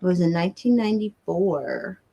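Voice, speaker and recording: A woman's voice: lowish voice, moderate pace, creaky. A woman hosting a casual livestream, chatting with viewers and ranting with a lot of profanity, indoors by a window. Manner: excitable and profane, ranting with nervous laughs. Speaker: livestream host. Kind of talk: casual livestream chat reading viewers' comments. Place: indoors near a bright window.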